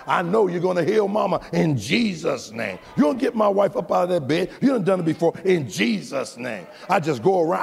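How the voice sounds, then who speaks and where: An American pastor preaching a sermon, with a rhythmic preaching cadence that rises into shouted, half-sung peaks. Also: male voice, fairly high pitch, animated, moderate pace, vocal fry. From United States. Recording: long hall reverb.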